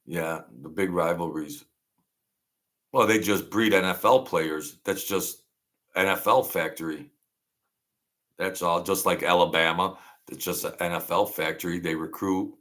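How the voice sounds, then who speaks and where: A low-pitched man with a fairly bright tone speaks unhurriedly. On his casual livestream he rambles, greeting people by name and taking up their comments.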